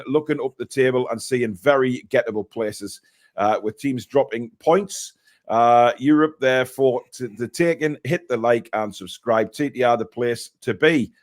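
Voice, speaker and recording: A man hosts a casual fan live stream at a mid pitch. He reads out viewer messages between blunt, chatty opinions.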